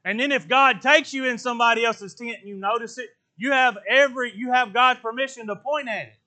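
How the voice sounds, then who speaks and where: Emphatic high-voiced male preacher. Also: brisk. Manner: emphatic, swinging between loud exclamations and hushed earnest talk; colloquial speech. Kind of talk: sermon.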